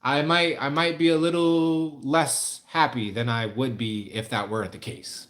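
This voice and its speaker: A man's voice: mid-range voice, steady tone, measured pace, fairly bright tone. A man on a casual livestream answering viewer questions, rambling, candid and profane.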